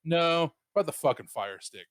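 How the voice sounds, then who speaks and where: A man casually telling a story on his show, rambling and animated, swearing freely. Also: on the high side, moderate pace, smooth, no room sound, clean studio sound. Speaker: streamer and podcast host.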